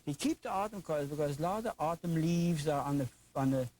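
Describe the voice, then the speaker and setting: A man's voice: a little high, lively intonation, brisk, darkish tone, slight background noise, rough recording. An older man with a German accent, teaching a painting lesson in an enthusiastic, folksy, chatty way with playful asides. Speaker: painting instructor.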